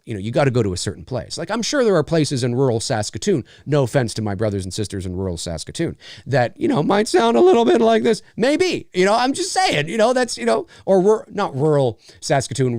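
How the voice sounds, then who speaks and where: A man hosting a casual live stream, chatting in an animated way with many fillers and mock voices. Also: a little high, no echo, clean studio sound. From Canada. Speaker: live show host answering questions.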